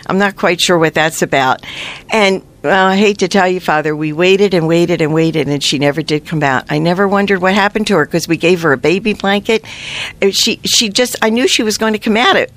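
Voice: mid-range voice, a little fast, fairly bright tone. A pro-life sidewalk counselor telling stories to a priest, chatty and earnest, restarting sentences often.

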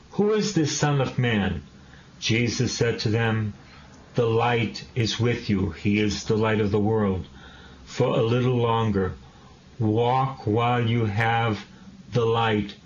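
A man's voice: medium pitch, a little hiss or hum. A man preaching a sermon, repeating phrases and asking rhetorical questions with passion. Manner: repetitive, impassioned exhortation with rhetorical questions. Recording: dull lo-fi recording.

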